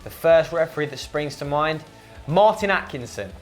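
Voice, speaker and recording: Guy in a quiz battle, fairly high voice, bouncy, teasing and competitive. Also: lively intonation, moderate pace, faint music behind. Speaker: quiz contestant. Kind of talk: casual banter.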